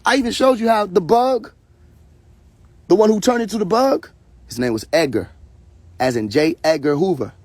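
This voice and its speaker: This livestream host speaks in a high, expressive, darkish voice at a moderate pace, pausing often, with no room sound. Talking from a phone, he delivers a confrontational, preachy rant heavy with profanity and repeated phrases.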